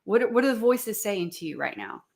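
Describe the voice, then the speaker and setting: A middle-aged woman coaching her audience through a live stream. She speaks earnestly and keeps asking probing, reflective questions, with a pitch that sits in the middle for a woman. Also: big pitch swings, a little fast, gravelly.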